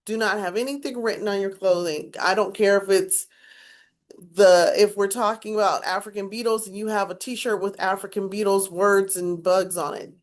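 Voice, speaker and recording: A woman's voice: mid-range voice, steady tone, moderate pace. Woman, speech teacher, instructive lecture, emphatic, shifts her inflection to demonstrate. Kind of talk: recorded class lecture.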